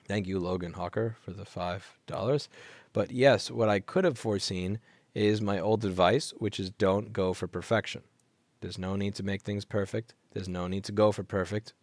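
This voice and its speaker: A man's voice: lowish voice, steady tone, moderate pace, darkish tone, dry recording. A man hosting a late-night livestream and answering viewer chat in a blunt, sarcastic, casual way. He sounds sleepy and keeps yawning, and he talks into a headset mic. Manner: blunt, sarcastic, swears, repeats himself for emphasis. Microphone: headset microphone.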